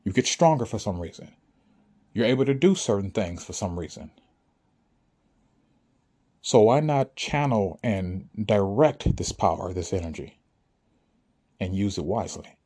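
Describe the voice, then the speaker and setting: A man's voice: on the low side, expressive, measured pace, pauses often, mellow, breathy edge. A man speaking to listeners in an emphatic, preachy monologue, often asking if they understand. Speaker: spiritual speaker. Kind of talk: motivational monologue to an audience.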